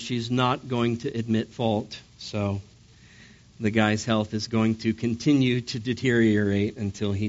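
A man preaching a sermon, his voice strained from sickness, telling a story with wry humor. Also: mid-range voice. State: strained voice from illness. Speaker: pastor. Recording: dull lo-fi sound.

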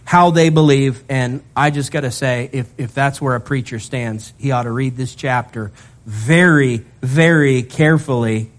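A male pastor delivering a sermon, animated and lively, who slips humorous asides in between scripture readings. His voice sits at an average pitch for a man. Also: a little slow.

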